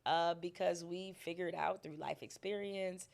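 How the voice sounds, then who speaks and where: A woman's voice: fairly low pitch, fairly even intonation, unhurried, creaky, darkish tone. A middle-aged woman speaking candidly and emphatically as a podcast guest, laughing often. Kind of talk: casual interview conversation.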